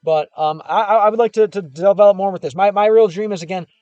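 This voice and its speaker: A young man from Chicago talks in a slightly high voice, rambling loosely through viewer comments on a casual livestream from his car. His words sound close and dry, with soft music playing faintly underneath. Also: quick pace, clean tone, dry recording, highs cut off. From Chicago, United States. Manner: rambling and loose, with frequent fillers and restarts. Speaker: gaming and language streamer.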